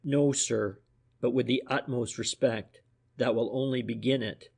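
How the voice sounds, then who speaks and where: A man's voice: medium pitch, steady tone, measured pace, gravelly, darkish tone, husky. Furtive male private eye, read by a man, deferential and insinuating, ordinary mid-range voice, for an audiobook.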